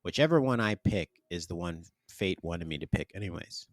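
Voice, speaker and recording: A man's voice: deep voice, expressive, moderate pace, dry recording. A young man co-hosting a podcast, teasing his friend in dry banter. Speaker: podcast co-host. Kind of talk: casual chat.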